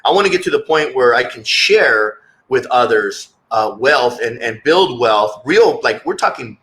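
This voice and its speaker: A man's voice: medium pitch, lively intonation, a little slow, fairly bright tone, poor audio. A man speaking as a guest in a candid interview, earnest and reflective, often repeating words as he searches for his thoughts.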